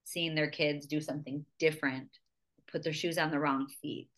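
A woman in her thirties who hosts a podcast, with a notably deep voice and a bright, forceful edge. She speaks candidly and with emphasis, and swears freely in casual chat. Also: fairly even intonation, moderate pace. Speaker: podcast host.

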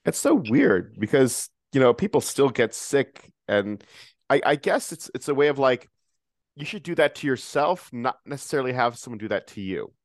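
A woman's voice: extremely low pitch, very animated, normal speed, no room sound, studio quality. A woman hosting a casual podcast chat, reacting and musing on what her guests say. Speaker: host.

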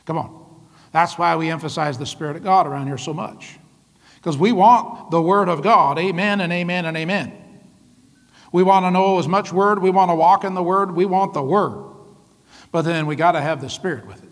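A man preaching a sermon as pastor, lively, often laughing and calling out to the congregation. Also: a little high, moderate pace, big-room sound. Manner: lively, laughing often, calls out "come on" and "right?".

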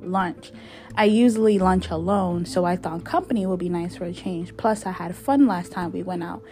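A woman's voice: lowish voice, moderate pace, a little mellow, faint music behind, lightly acted. A woman voicing a flustered young man who rambles through sheepish apologies in a spoken story.

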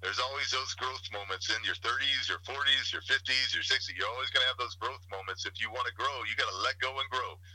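A man's voice: medium pitch, fast, few pauses, bright, forceful tone, no room sound, poor audio. A man giving a motivational talk as a podcast guest, preaching in rhythmic slogans and wordplay. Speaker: guest speaker.

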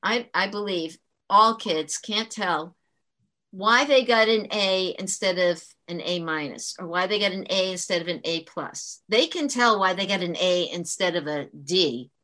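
A woman's voice: fairly low pitch, a little slow, sharp tone. A woman who works as a teacher, talking earnestly in an interview and explaining her points with frequent restarts. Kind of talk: conversational interview storytelling.

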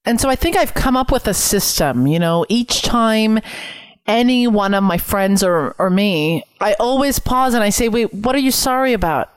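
With a medium-pitched, expressive, clear and resonant voice at a moderate pace, a young woman from Canada talks alone on her podcast at home, window open, with no echo. She sounds earnest and reflective and repeats phrases for emphasis.

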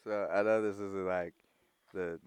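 A young man tells a rambling, profane story in casual chat, switching to acted voices as he goes. His voice is smooth and clear, recorded dry and close with no room sound. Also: deep voice, unhurried, dry recording. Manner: animated, profane, laughing storyteller.

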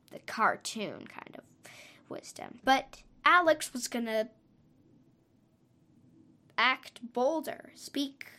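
A woman with a fairly high voice tells a story at an unhurried pace. She rambles, stops mid-thought and corrects herself as she goes, in a loose, unscripted way. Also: creaky, fairly bright tone. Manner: hesitant, trails off and corrects herself often. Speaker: podcast storyteller.

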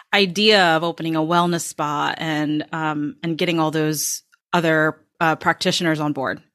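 Low, bright-toned woman nurse host. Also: dry recording, studio quality. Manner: warm-hearted, reflective, many "um" and "you know". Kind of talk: casual interview chat.

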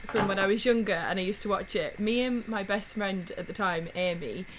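A woman's voice: mid-range voice, normal speed, background noise. A woman from Britain co-hosting a podcast, giggly and chatty. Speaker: podcast co-host. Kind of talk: casual chat.

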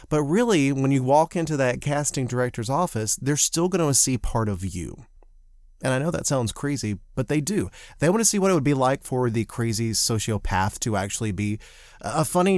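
Animated male podcast co-host. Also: medium pitch, no room sound, studio quality. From Southern United States. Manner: animated, self-deprecating storyteller. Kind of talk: casual chat with advice.

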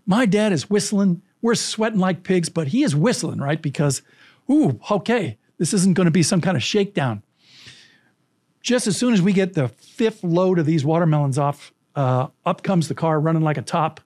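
A man's voice: fairly high pitch, normal speed, dry recording, clean studio sound. A man from California who works as a storytelling coach, telling a vivid anecdote as an interview guest. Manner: animated, vivid anecdotal storytelling with acted quotes.

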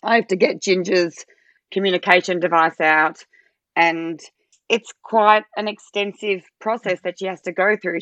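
A woman, a podcast guest, chatting casually and telling animated stories, jumping into a much higher voice when she quotes herself. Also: no echo, lo-fi sound. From Australia. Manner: animated storytelling, acts out her own quoted lines in a much higher voice. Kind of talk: casual interview chat.

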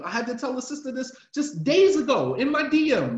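A man's voice: very high-pitched, sing-song, a little fast, few pauses. A man, an imam, giving an emphatic, impassioned religious class lecture and driving his points home with repetition. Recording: roomy, dull lo-fi sound.

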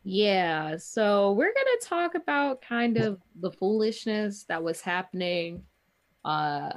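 A woman co-hosting a podcast, retelling a story in a blunt, sarcastic way. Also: medium pitch. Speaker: podcast co-host. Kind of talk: casual podcast chat.

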